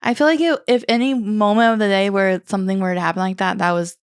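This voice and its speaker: A woman's voice: medium pitch, steady tone, quick pace, clean tone, no echo, clean studio sound. A young woman co-hosting a podcast, chatting casually and giving supportive, reassuring replies. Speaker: podcast co-host, wedding photographer. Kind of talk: casual chat.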